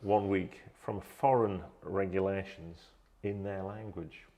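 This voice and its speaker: A man's voice: sits low, steady tone, slow pace, mellow, slight background noise. A British man co-hosting a livestream, chatting casually with dry, teasing humour. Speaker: co-host of a livestream.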